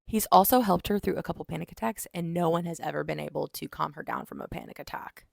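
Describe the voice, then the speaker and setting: A woman chatting casually as she reviews a book, retelling it in an animated way with lots of "like". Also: fairly low pitch, fast, gravelly, dry recording, studio quality.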